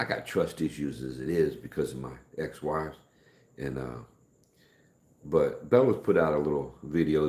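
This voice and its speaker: A middle-aged man with a very deep voice hosts a casual live stream in a reverberant space. He rambles in a folksy way, greets viewers by name and speaks more softly than usual.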